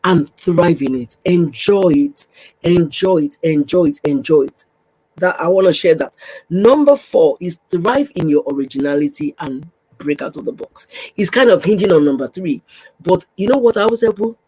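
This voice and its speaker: A woman's voice: lowish voice, sing-song, moderate pace, husky, poor audio. A woman hosting a faith podcast, exhorting listeners with repeated, direct phrases. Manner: repetitive, exhorting, addresses listener warmly. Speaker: podcast host, pastor's wife.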